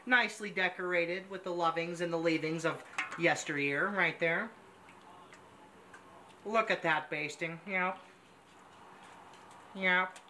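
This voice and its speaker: A man's voice: high-pitched, takes it slowly, long pauses, sharp tone. A man hosting a mock cooking show, gushing pompously over every dish as he works in a home kitchen. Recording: noisy kitchen sound.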